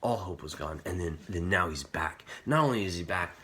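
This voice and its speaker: Low, husky-voiced casual youth speaker. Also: male voice, normal speed, sharp tone. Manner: conversational and earnest, full of "like" fillers. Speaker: camp speaker.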